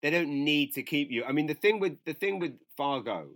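A man's voice: on the high side, expressive, brisk, a bit bright, no echo. A man, co-hosting a casual chat and rambling through strong, profane opinions. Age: 40s. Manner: rambling, opinionated, swears freely. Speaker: podcast co-host.

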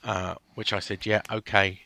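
A man hosting a casual football podcast, telling stories in an animated, defensive way. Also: fairly low pitch, moderate pace, creaky, no echo. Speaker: podcast host.

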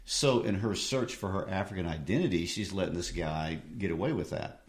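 A man discussing a play in a measured, explanatory way. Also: low-pitched.

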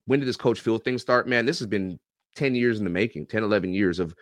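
A man in his thirties or forties, a football coach and YouTube reactor, telling animated, profane, joking stories as a guest on a podcast interview. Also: fairly low pitch, fast, no echo. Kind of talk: casual podcast interview storytelling.

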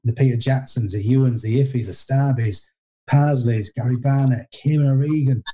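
A middle-aged former footballer, appearing as a guest, tells stories in a casual interview with a very dark, mid-range voice at normal speed. He rambles through anecdotes, restarts often and pokes fun at himself.

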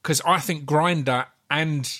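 A man's voice: fairly high pitch, measured pace, bright, forceful tone. Easygoing male podcast host. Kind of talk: casual podcast interview.

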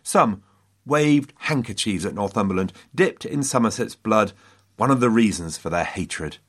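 A man's voice: on the low side, lively intonation, unhurried, a bit bright, breathy edge. A man hosting a history podcast, telling the story dramatically with wry asides to his listeners.

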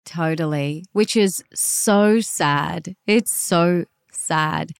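A woman's voice: fairly low pitch, extremely slow, creaky, smooth, no echo, clean studio sound. A woman hosting a podcast interview, speaking with enthusiastic, emphatic energy. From Australia. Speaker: podcast host.

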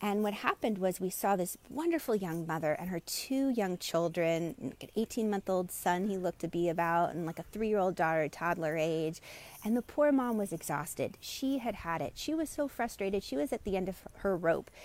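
A woman and meditation teacher talking on a live stream and giving gentle, inviting, unhurried guidance. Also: on the low side, expressive.

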